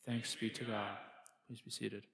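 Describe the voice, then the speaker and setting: A man's voice: on the low side, flat delivery, gravelly, a bit bright, husky. Man reading scripture solemnly in church. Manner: measured, solemn declamation with raised emphasis. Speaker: scripture reader. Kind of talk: liturgical Bible reading. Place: church service.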